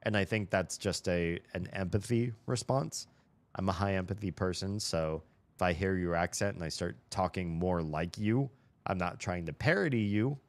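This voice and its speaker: Speaking at a normal speed in a low voice, a US streamer with a neutral General American accent games while chatting casually with his livestream audience, rambling and musing aloud as he goes.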